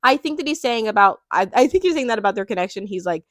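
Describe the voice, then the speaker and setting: A young woman reviewing a reality show in a casual, gushing way, full of likes and quick laughs. Her voice sits at an ordinary pitch for a woman. The sound is dry and close, with no room around it. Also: lively intonation, dry recording. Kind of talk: casual vlog commentary.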